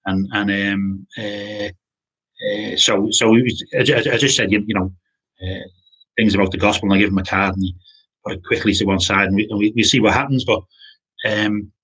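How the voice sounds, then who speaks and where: A man giving an informal sermon, halting with many restarts and repeated words. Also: on the low side, steady tone, fairly bright tone, breathy edge. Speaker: pastor.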